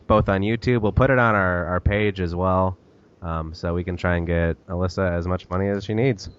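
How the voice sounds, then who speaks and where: A man's voice: deep voice, steady tone, moderate pace, clear, resonant tone, muffled recording. A young man co-hosting a casual podcast, joking and plugging the show. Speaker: podcast co-host.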